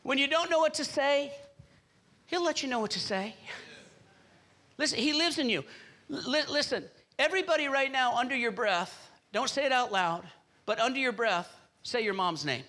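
A male pastor preaching in a church, his voice sitting high and sounding bright and forceful. He drives his points home with emphasis and keeps calling out to the congregation for a response. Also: animated, moderate pace. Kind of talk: sermon.

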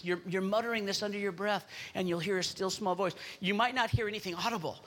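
A male pastor preaching in a church, his voice sitting high and sounding bright and forceful. He drives his points home with emphasis and keeps calling out to the congregation for a response. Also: fairly even intonation, fast talker, hardly any pauses, slight background noise. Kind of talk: sermon.

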